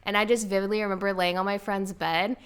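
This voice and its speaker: A young woman spins a funny personal tale in relaxed podcast chat. Her voice is bright and forceful, and she throws herself into quoting her past self with big animated bursts. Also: medium pitch, quick pace, smooth. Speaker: podcast guest, sister of co-host. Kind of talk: casual storytelling.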